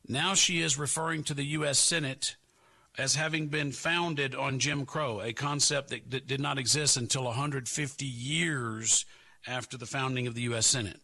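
A man's voice: medium pitch, fairly even intonation, moderate pace, sharp tone. A man hosting a political talk show, giving emphatic, sarcastic commentary and repeating points for stress.

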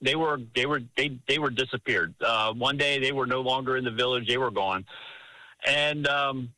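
A man calling in to a radio show, earnestly retelling family stories in a rambling, animated way. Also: medium pitch, moderate pace, dry recording, rough recording. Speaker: radio caller. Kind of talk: phone-in storytelling.

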